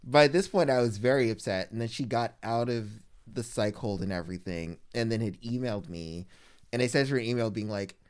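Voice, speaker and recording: Man telling a story, smooth voice. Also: mid-range voice, fairly quick. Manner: animated, heavy use of "like", mimics people he quotes. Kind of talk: casual storytelling chat.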